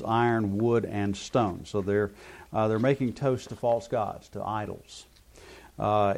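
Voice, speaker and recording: A man leading a Bible study class, explaining at length with many hesitant fillers. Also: mid-range voice. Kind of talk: classroom teaching.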